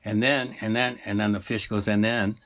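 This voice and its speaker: A man's voice: fairly low pitch, steady tone, normal speed, fairly bright tone. A man casually retelling a story, meandering and full of asides and fillers.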